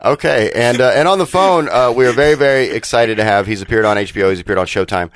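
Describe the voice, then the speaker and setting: A man's voice: medium pitch, fast talker. A man co-hosting a comedy podcast in casual chat, joking and laughing a lot. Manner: joking, laughs often, fillers. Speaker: podcast co-host.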